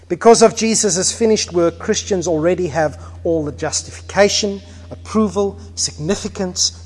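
A man preaching a sermon as pastor, animated, acting out little scenes and swinging between quiet and loud. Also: high voice, breathy edge, big-room sound. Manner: animated, acts out little scenes with shifting volume.

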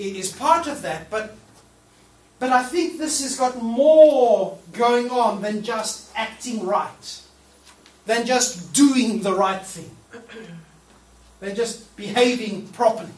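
Male preacher, high-pitched, lively sermon, miked from a distance in a roomy hall. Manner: conversational, animated preaching with quoted voices. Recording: roomy hall from far off, faint noise.

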